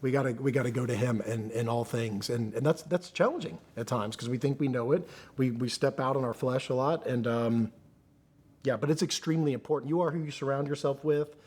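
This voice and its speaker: Male interview guest, mid-range voice, candid and halting delivery. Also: medium pitch, a little mellow, husky. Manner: earnest, halting, restarts often. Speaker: podcast guest.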